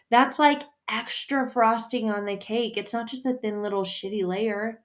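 A woman's voice: fairly high pitch, normal speed, few pauses. A woman hosting a solo faith podcast, talking in a casual, emphatic and playful way with the odd curse word. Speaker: podcast host and faith coach.

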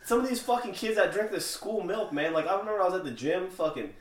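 A man's voice: high-pitched, animated, quick pace, roomy sound, slight background noise. A man telling crude stories in casual podcast banter, swearing and saying "bro" constantly, in a dim room at home. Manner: profane, storytelling, says bro constantly. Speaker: podcast guest.

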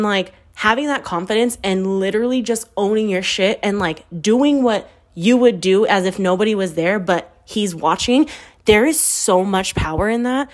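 A woman in her thirties telling candid dating stories in a brash, profane, blunt way, acting out her own past words. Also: mid-range voice. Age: 30s. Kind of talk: candid storytelling chat.

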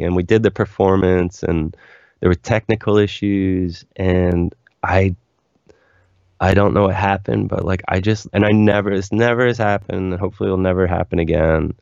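A man's voice: sits low, steady tone, normal speed, creaky, a little mellow, smooth, dry recording, dull audio. A young man, a musician guest, telling stories in a candid, rambling way full of "like" fillers. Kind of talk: casual interview storytelling.

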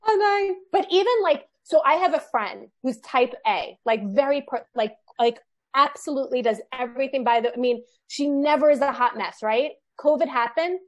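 A woman in her thirties tells a story about family life in a loose, animated way. Her voice sits a bit high. She leans on "like" and "you know" as she goes. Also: moderate pace. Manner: animated storyteller, lots of "like" fillers. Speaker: guest, children's book author. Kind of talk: casual podcast chat.

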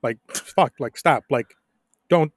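A young adult man co-hosting a podcast, telling stories in a casual, profane, animated way with frequent laughs. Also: mid-range voice, slow, no echo, studio quality. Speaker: podcast co-host.

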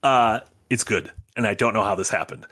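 A man's voice: fairly low pitch, normal speed. A man co-hosting a casual podcast, eagerly recapping a TV series with plenty of fillers. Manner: enthusiastic, animated recapping. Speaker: podcast co-host. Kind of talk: casual chat.

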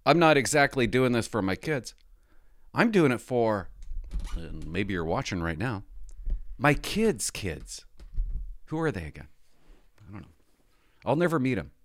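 A man's voice: medium pitch, sing-song, a little slow, pauses often. A man hosting a podcast, talking in a rambling, self-deprecating casual monologue into a podcast microphone. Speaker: podcast host.

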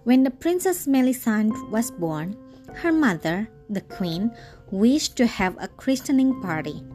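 Woman storyteller reading a fairy tale aloud, very unhurried, soft music under it. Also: on the high side. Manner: slow, deliberate and expressive.

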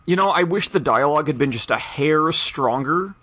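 A man's voice: fairly high pitch, animated, normal speed, bright, forceful tone. Hesitant, laughing podcast co-host man. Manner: hesitant, rambling, laughs often. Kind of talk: casual chat.

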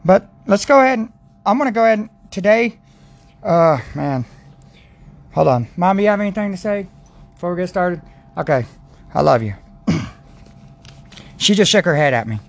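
A man's voice: high-pitched, sing-song, normal speed, gravelly, long pauses. A man hosting a casual faith podcast, talking in an earnest, rambling way with many restarts and praying aloud. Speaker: podcast host.

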